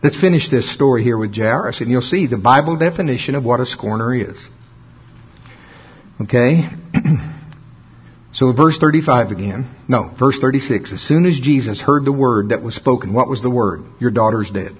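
A man preaching a folksy sermon, often laughing and slowing down for dramatic emphasis. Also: mid-range voice, husky. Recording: dull lo-fi sound.

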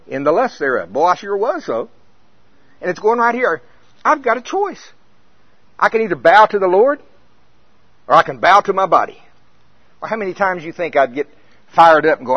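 An older man preaching a sermon, telling a story with animated acted-out scenes. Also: a little high, moderate pace, pauses often, no room sound. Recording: dull lo-fi recording.

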